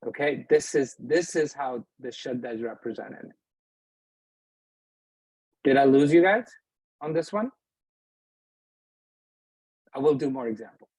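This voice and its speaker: A man's voice: mid-range voice, a little slow, long pauses, darkish tone, slightly rough, no echo, poor audio. A man teaching beginners in a live class, patient, often checking that his students follow. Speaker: Arabic teacher. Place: mosque classroom.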